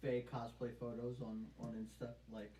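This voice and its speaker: A co-host reads viewer messages aloud on a live stream, pausing often on fillers. The tone is dark and mellow. It is picked up from across an echoey room, with a faint hiss underneath. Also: mid-range voice, completely flat delivery. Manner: halting, filler-heavy reading. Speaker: co-host reading chat messages. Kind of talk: casual live-stream chat. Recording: distant roomy mic with faint hiss.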